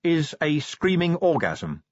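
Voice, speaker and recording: A man voicing a tetchy, sharp young werewolf woman with a dry, irritable manner in a storybook reading. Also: a little high, big pitch swings, slow, dry recording, highs cut off, pitched above the performer's own voice.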